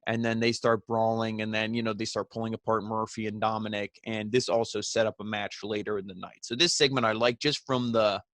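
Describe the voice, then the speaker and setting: A man's voice: lowish voice, level tone, a little fast, hardly any pauses, fairly bright tone, no echo. A man hosting a wrestling review, recapping the show in a casual, rambling way full of "you know" and "he's like".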